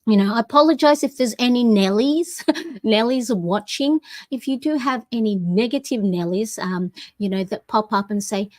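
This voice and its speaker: A woman's voice: fairly high pitch, normal speed, a little mellow, no room sound. A woman in her forties hosting a motivational planner talk, encouraging and repeating affirmations, with many "you know"s. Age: 40s. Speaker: planner coach and channel host. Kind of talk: motivational live plan-with-me talk.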